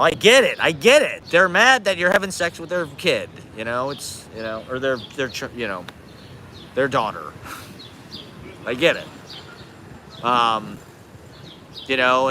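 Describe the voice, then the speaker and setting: His voice is medium in pitch, pushed and bright, with a little hiss or hum audible. He's a man in his forties ranting casually on a live stream from a handheld phone on a city street, rambling, swearing, sarcastic, and self-deprecating.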